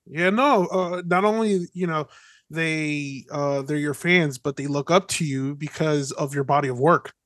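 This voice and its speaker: A male podcast co-host with a slightly high voice, recorded dry and close. He chats casually, a bit hesitant, with false starts and quick agreements. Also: fairly bright tone, dry recording. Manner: hesitant, restarts, quick backchannels. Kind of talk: casual interview chat.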